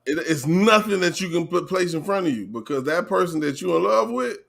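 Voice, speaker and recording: A man's voice: high-pitched, lively intonation, fairly quick, creaky, a bit bright. A man in his forties talking bluntly and emphatically in a casual chat, swearing freely. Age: 40s.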